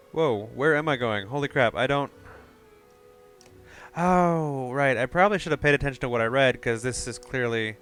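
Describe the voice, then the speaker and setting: Male let's play host, smooth clear voice, excitable and rambling, faint game music underneath. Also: mid-range voice, moderate pace. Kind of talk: casual game commentary.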